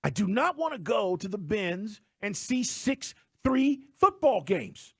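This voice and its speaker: Sports radio host, male, emphatic and animated; very high, dry-miked voice. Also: measured pace, gravelly, husky, dry recording. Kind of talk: sports talk radio banter. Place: radio studio.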